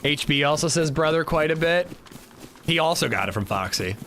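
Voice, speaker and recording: A man's voice: fairly high pitch, lively intonation, a little fast, fairly bright tone, slight background noise. A man streaming a game, chatting casually and rambling in a self-mocking way. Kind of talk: casual chat while gaming.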